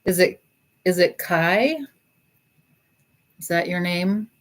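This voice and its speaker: A middle-aged woman on a casual livestream, gently and sympathetically chatting with viewers while thinking aloud through many pauses. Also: fairly low pitch. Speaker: livestreamer taking song requests. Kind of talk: casual live-stream chat.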